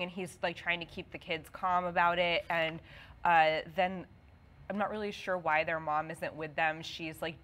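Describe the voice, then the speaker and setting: A woman's voice: lowish voice, fairly bright tone. A woman co-hosting a casual comic book show, talking enthusiastically and gushing over artwork. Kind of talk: casual chat.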